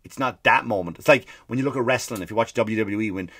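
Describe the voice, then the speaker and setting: A man hosting a comedy podcast, ranting quickly and emphatically with lots of swearing and repeated phrases. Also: lowish voice, pushed and bright, breathy edge, dry recording. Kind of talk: comedic rant.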